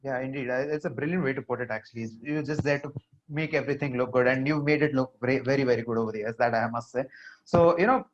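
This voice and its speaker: A man's voice: medium pitch, quick pace, a little hiss or hum. Man, interview host, eager questioning, dull lo-fi audio. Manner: eager, uses many fillers like "you know". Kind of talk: interview conversation. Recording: dull lo-fi sound.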